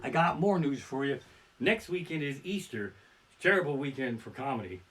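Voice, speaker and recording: Bright, lively-voiced crude comedian. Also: male voice, medium pitch, normal speed, a little hiss or hum. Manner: crude, profane storytelling. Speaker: stand-up comedian. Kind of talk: live-streamed comedy set. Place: his living room at home. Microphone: barebones home streaming mic.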